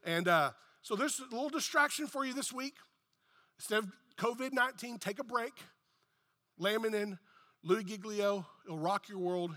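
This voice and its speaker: A man's voice: high-pitched, bright, forceful tone, long reverb tail. A man preaching a sermon as pastor, emphatic and repetitive, swelling and dropping in intensity. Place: church hall.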